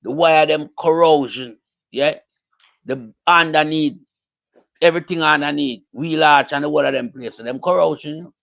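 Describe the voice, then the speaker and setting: A man's voice: fairly high pitch, normal speed, gravelly, fairly bright tone, lo-fi sound. A man with a Jamaican accent giving a heated, repetitive political rant in casual talk, mixing Patois with English. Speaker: political commentator.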